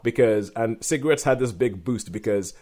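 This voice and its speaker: A man's voice: medium pitch, normal speed, darkish tone. A man hosting a podcast, talking in a chatty way with frequent laughs. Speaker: podcast host. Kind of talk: casual chat.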